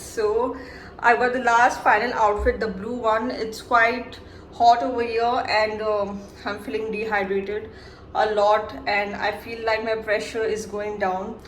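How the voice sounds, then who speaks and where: A young woman with a slightly high voice vlogs about her travels in an unhurried way, chatty and excited, over slight background noise. She speaks casually to camera, often saying "guys" to her viewers, from a resort villa and restaurant on a hot day.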